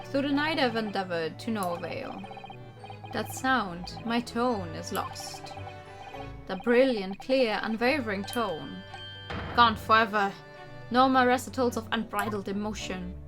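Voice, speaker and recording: A woman voicing a melodramatic, gloomy adult gentleman detective with a mournful, grandiose delivery while reading game dialogue aloud. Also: mid-range voice, measured pace, music in the background, voice pushed down, lightly acted. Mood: despairing.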